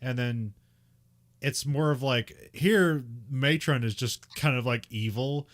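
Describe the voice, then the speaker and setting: A man's voice: medium pitch, slow pace. A man co-hosting a podcast, recapping a film in casual chat, rambling with lots of fillers and little laughs. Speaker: podcast co-host.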